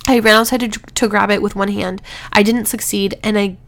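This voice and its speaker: A woman's voice: mid-range voice, steady tone, brisk, fairly bright tone. Chatty congested young woman vlogging. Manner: chatty, rambling, laughs between words. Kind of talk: casual storytime vlog.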